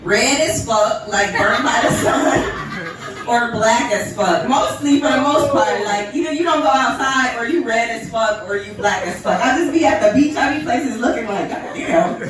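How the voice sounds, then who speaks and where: A woman's voice: a little high, normal speed. A woman from Ohio doing a profane stand-up set, brash and laughing at her own jokes. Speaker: stand-up comedian. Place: comedy club stage. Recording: echoey room miked from a distance. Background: laughing live crowd.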